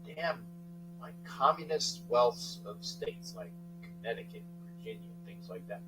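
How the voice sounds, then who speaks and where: A middle-aged man hosting a casual sports talk livestream, rambling, thanking chatters by name and breaking into sudden loud outbursts. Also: sits high, flat delivery, measured pace, over music, rough recording. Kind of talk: casual live chat with viewers.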